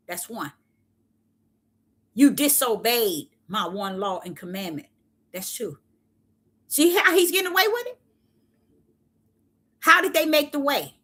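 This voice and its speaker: A woman's voice: high-pitched, sharp tone, husky. A woman giving an impassioned Bible teaching, with an emphatic, repetitive preacher's cadence and many rhetorical questions. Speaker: self-styled prophetess preaching.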